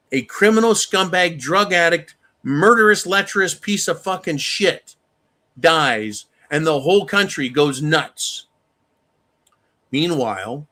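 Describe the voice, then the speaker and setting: A man hosting a live-stream rant, angry and profane, with sudden loud outbursts. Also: a little high. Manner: angry, profane, shouting bursts. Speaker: channel host.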